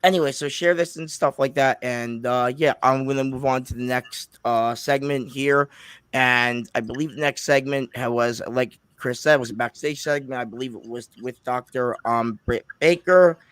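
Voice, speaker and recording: A man's voice: mid-range voice, moderate pace, fairly bright tone, smooth, no room sound, clean studio sound. A man co-hosting a casual review chat, speaking hesitantly with many ums and you-knows. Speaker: co-host.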